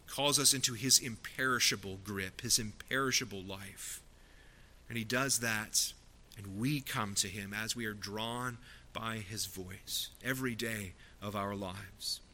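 A man's voice: lowish voice, slow, sharp tone, a little hiss or hum. A man preaching a sermon from the pulpit, earnest and rising to emphatic peaks. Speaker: pastor.

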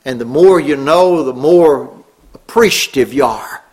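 A middle-aged man preaching a sermon, earnest, rising on key words and dropping low. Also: a little slow, darkish tone, husky.

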